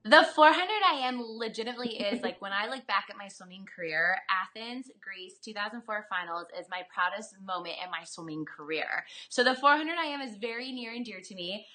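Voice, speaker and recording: Bright animated woman telling a story. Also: medium pitch, brisk, few pauses. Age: 30s. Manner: animated, chatty, lots of fillers. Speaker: guest, former Olympic swimmer. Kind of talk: casual interview storytelling. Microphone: video call.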